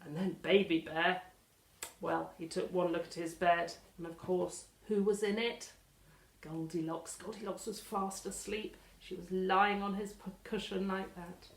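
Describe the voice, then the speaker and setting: A woman with an English accent telling a children's story as a library storyteller, animated and full of dramatic gasps. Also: on the low side, unhurried. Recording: echoey room.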